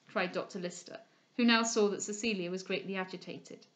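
A woman reading a classic novel aloud as an audiobook reader, with expressive, measured storytelling. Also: mid-range voice.

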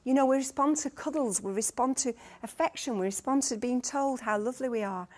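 A woman's voice: high-pitched, brisk. A middle-aged woman with a Lancashire accent, a consultant midwife giving a conference talk, telling stories earnestly and eagerly with frequent restarts. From Lancashire, England. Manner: earnest, lively storytelling with many restarts. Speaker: guest speaker, consultant midwife.

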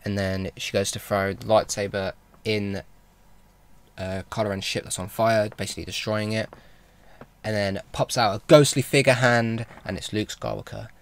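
A man's voice: lowish voice, fairly even intonation, moderate pace, smooth. A man vlogging a casual film recap, rambling and enthusiastic, with lots of fillers and restarts. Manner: enthusiastic fan talk.

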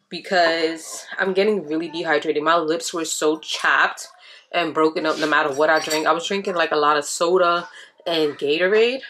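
A young woman vlogging at home, chatting casually with viewers and patiently coaching her child through reading. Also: fairly low pitch. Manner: chatty, talks to viewers directly. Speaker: mom vlogger. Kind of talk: casual home vlog chat. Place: apartment home. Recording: noisy home recording with clicks.

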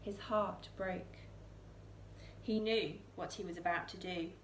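Female storyteller reading a children's book aloud, expressive, low-pitched, roomy church with faint hiss. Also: slow pace. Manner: expressive, with soaring questions and hushed lines.

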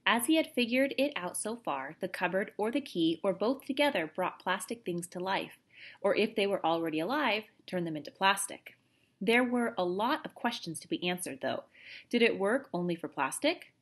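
A woman reading a children's novel aloud in an expressive, animated storytelling manner. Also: medium pitch, normal speed. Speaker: audiobook reader.

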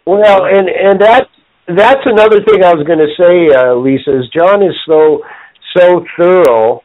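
A man, a client, speaking earnestly and haltingly in casual podcast chat. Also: sits high. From Canada. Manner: earnest, halting, many restarts. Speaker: guest and client. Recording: tinny phone-line audio.

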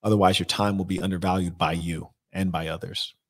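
A man with a very low voice hosts an advice stream. He answers viewer questions bluntly and at a measured pace. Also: fairly even intonation, breathy edge. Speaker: life coach host.

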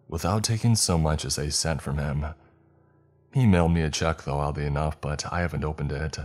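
A man reading a horror story as scripted narration, in a measured, even storytelling manner. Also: rumbling low.

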